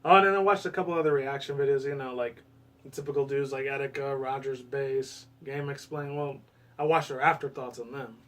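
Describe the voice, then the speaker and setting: A man giving casual gaming commentary in a rambling way, swearing often and breaking into excited bursts, with a US West Coast accent. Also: mid-range voice, fairly quick, far from the mic.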